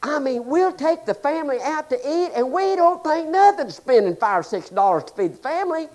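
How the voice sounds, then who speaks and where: A man preaching a humorous sermon in a folksy, joking way, swinging between loud exclamations and hushed asides. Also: very high voice, very animated, a little fast. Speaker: pastor.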